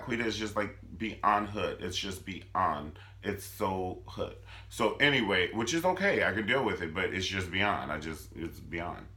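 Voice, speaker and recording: A sassy man recapping a TV drama in a loose, comedic way. His voice sits fairly low but swings wildly up and down, with a bright, hard edge. He talks in an animated, playful rush. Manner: sassy, animated, swooping between squeals and low mutters. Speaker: vlogger reviewing a TV drama.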